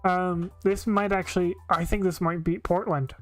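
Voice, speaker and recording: A woman talking on a casual live stream, blunt and opinionated and full of filler words. Her voice sits a little low, and the sound is dry and close with faint music underneath. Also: fairly even intonation, moderate pace, dry recording.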